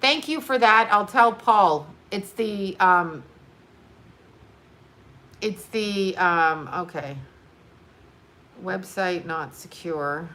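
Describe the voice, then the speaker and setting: A woman's voice: lowish voice, very slow, long pauses, pushed and bright. A woman hosting a casual livestream as a psychic medium, talking bluntly with profanity and breaking off to answer viewer comments. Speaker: psychic medium and channel host.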